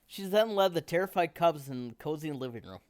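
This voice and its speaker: A man reading a children's picture book aloud in a steady, expressive storytelling manner. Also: on the high side, a little fast, no room sound, clean studio sound.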